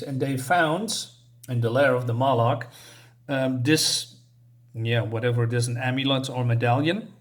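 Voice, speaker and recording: Man, comic reviewer, casual chat, mid pitch, hesitant, lots of fillers, chuckling.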